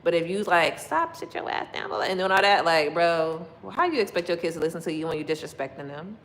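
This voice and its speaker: Chatty, laughing woman, lowish voice. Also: fast talker, slight background noise, rough recording. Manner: chatty and animated, laughing often and acting out quotes. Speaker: livestream host chatting with viewers. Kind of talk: casual chat.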